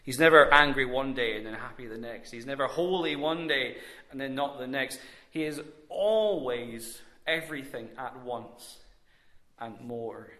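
A man preaching a sermon, measured and emphatic with long pauses. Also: medium pitch, sharp tone, reverberant.

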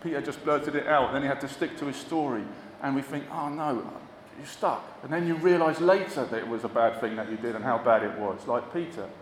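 A male minister leading prayer and a talk for children in a church. He speaks in a measured way and lets his phrases trail off softly. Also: mid-range voice, a little hiss or hum. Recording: echoey church hall, faint ambience.

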